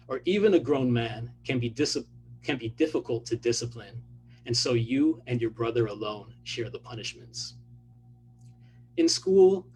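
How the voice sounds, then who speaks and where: A man, an author, reading his own fiction aloud in a measured, even delivery. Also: medium pitch, slight background noise, poor audio.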